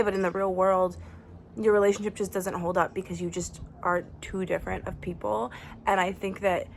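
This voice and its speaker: A woman's voice: mid-range voice, slight background noise. A young woman book vlogger talking casually and effusively, thinking aloud with plenty of fillers while sitting outdoors on her deck. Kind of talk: casual chat.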